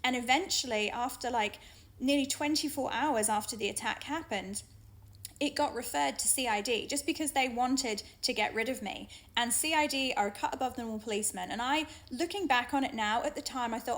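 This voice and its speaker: British woman with a fairly high voice. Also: a bit bright. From Britain. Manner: earnest, frank, with pauses and restarts. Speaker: vlogger. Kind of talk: personal storytime monologue.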